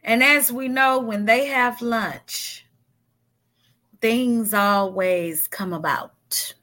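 A woman hosts a relaxed podcast discussion, steering the group with questions. She talks slowly and unhurriedly. Her voice is bright and a little high. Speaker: podcast host. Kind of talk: casual chat.

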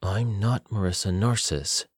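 A flat, emotionless young woman captive, as a man reads her lines, calm and cold under threat. His voice sits low and stays dry, with no room around it. She sounds guarded and unmoved in a storybook reading. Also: normal speed, no room sound, natural voice. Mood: cold deadpan.

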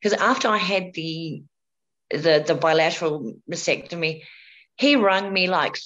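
A woman's voice: fairly low pitch, measured pace, fairly bright tone, lo-fi sound. A woman, a guest telling her own story in a frank, candid way and often repeating words. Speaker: interview guest, breast cancer survivor. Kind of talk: personal storytelling in conversation.

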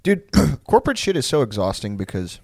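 A man's voice: medium pitch, very animated, fairly quick, a little mellow, dry recording, clean studio sound. A young man telling stories in casual chat, rambling, swearing and laughing often.

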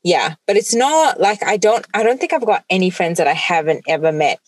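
A woman's voice: on the low side, expressive, brisk, no room sound. A woman in casual chat, rambling with lots of "like" and laughing often.

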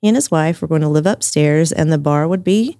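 A woman's voice: low voice, a little fast, mellow, no echo, studio quality. A woman, co-hosting a podcast and telling local ghost stories in a casual, laughing way. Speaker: podcast co-host. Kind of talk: casual chat, storytelling.

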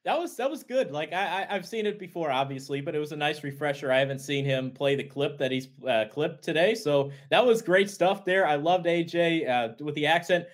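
Easygoing slightly high male co-host. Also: a little fast, hardly any pauses. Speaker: podcast co-host. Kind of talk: casual sports podcast chat.

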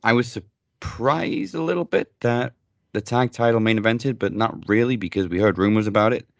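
A man's voice: on the low side, normal speed, dry recording, lo-fi sound. A man co-hosting a podcast, chatting in a laid-back way and swearing casually. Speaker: podcast co-host. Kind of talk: casual chat.

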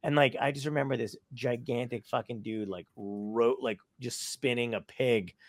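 A man's voice: medium pitch, normal speed, dry recording, clean studio sound. A man, a stand-up comedian, telling profane stories in casual chat and acting out the people in them. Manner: profane, animated, acts out quoted dialogue.

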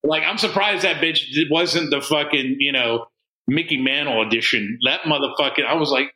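A man telling a crude story on a podcast, swearing constantly and jumping into loud quoted voices. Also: fairly high pitch, moderate pace. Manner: profane, animated, swings into loud quoted voices. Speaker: podcast co-host. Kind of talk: casual storytelling. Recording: roomy echo.

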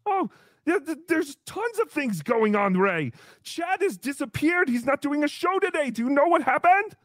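A man playing a cheery, childish host character in a comedy livestream, talking in a sweet, drawn-out, sing-song way. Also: very high-pitched, very animated, fairly bright tone, dry recording, studio quality, exaggerated voice. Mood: bewildered.

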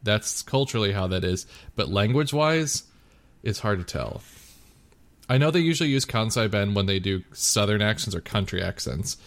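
A man's voice: on the low side, expressive, moderate pace. A man co-hosting a podcast, chatting casually and rambling with lots of filler words and teasing jokes. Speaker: podcast co-host. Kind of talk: casual chat.

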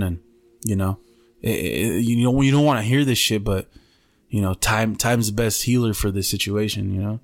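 A man's voice: medium pitch, lively intonation, fairly quick, gravelly. A man hosting a podcast, telling a story in casual chat, slangy and full of swearing. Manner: profane, slangy, keeps saying "bro". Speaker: podcast host.

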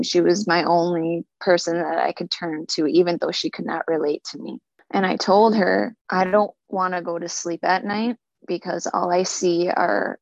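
Low, gravelly woman telling her story. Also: no room sound. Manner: earnest, halting, repeats words when emotional. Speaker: speaker sharing a personal story. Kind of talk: personal testimony. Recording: dull lo-fi recording.

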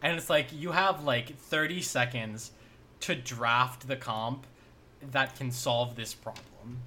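Bright-voiced man rambling about games. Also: mid-range voice, slow pace. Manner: rambling, heavy use of "like". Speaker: podcast co-host. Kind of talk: casual gaming podcast chat.

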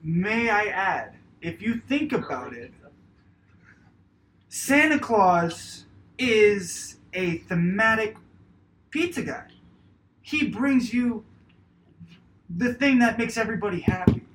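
High-voiced man speaking slowly. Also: sing-song, fairly bright tone, slight background noise, low-quality recording. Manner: slow and deliberate. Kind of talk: casual chat.

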